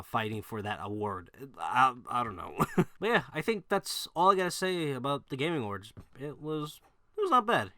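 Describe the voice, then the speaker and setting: A man with a bright, forceful voice rants bluntly to camera, swearing freely and chuckling between his points. He rambles with restarts and fillers. The sound is dry and close, with no room around it. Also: mid-range voice, no echo. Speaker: gaming video creator. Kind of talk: casual opinion rant to camera.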